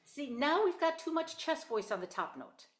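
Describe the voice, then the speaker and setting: A woman's voice: high-pitched, very animated, normal speed. A woman teaching a one-on-one singing lesson, explaining exercises and demonstrating them in an encouraging way. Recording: echoey room with piano.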